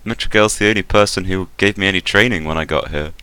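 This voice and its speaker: A man's voice: low voice, quick pace, background noise, pitched above the performer's own voice, close to an everyday voice. A man voicing a meek, sheepish male hobgoblin clerk who speaks hesitantly in a tabletop game. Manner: hesitant, apologetic.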